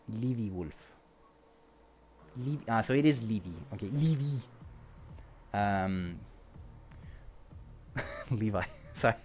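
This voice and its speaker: A man's voice: on the low side, animated, measured pace, pauses often, husky. A man with a non-native English accent chatting casually on a livestream, rambling, joking and laughing often. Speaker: streamer.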